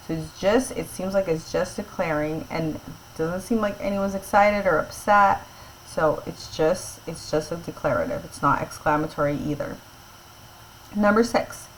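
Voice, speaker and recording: Patient woman teacher with a lowish voice. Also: unhurried, a bit bright, slight background noise, low-quality recording. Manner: patient, explains step by step and checks in with "okay?". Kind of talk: classroom grammar lesson.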